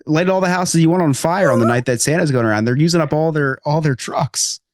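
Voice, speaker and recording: A man's voice: on the high side, a little fast, no room sound, studio quality. A man hosting a podcast, telling rambling joking stories in casual chat with many restarts. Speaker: podcast host.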